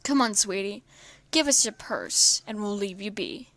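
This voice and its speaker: A woman's voice: medium pitch, a little slow, a bit bright. A woman voicing a smug, taunting male gang leader in a read-aloud fan story.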